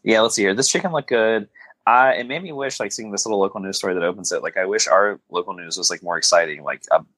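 A man's voice: on the low side, fast talker, fairly bright tone, no echo, poor audio. A man co-hosting a podcast, chatting casually about a film in a rambling way with dry, wry remarks and plenty of fillers. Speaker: podcast co-host. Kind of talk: casual film-discussion chat.

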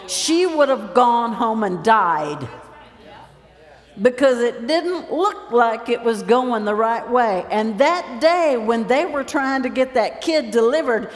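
A woman preacher giving a lively sermon, telling stories and acting out the scenes as she goes. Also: on the high side. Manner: lively storytelling, acts out scenes. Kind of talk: sermon with stage demonstration. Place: large church hall. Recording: roomy echo, long hall reverb.

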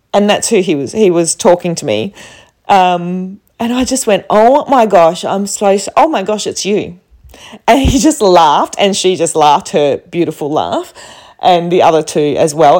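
A woman's voice: on the low side, a little mellow. A woman from Australia with an Australian accent, telling a rambling travel story to camera with many fillers. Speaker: travel vlogger.

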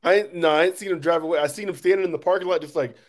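Man with a slightly higher voice, joking. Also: rapid-fire, soft background music. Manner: joking, laid-back. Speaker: podcast co-host. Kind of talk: casual chat.

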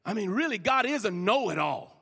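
A male pastor delivers a sermon in a church sanctuary, his voice high-pitched and gravelly with a bright, forceful edge. He swings from loud shouts down to hushed whispers. A long reverb from the big hall trails every line. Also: very animated, a little fast.

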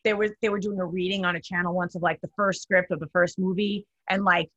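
A woman hosting a casual chat, upbeat and quick to laugh. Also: fairly low pitch, steady tone, a bit bright, no echo, dull audio. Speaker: host.

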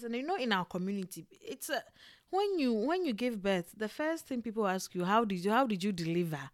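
A young adult woman telling a personal story in a casual, expressive way, with frequent exclamations. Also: mid-range voice, fairly quick. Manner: animated and expressive, with exclamations and laughter.

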